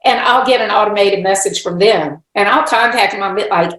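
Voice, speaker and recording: A woman guest speaks frankly in a relaxed podcast chat, her voice at a middle pitch. The room around her is echoey. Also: moderate pace. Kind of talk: casual interview chat.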